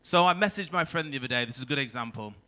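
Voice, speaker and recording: A man doing a crude stand-up comedy set on a club stage, swearing freely and acting out shouty quotes, into a handheld mic. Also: medium pitch, expressive, racing.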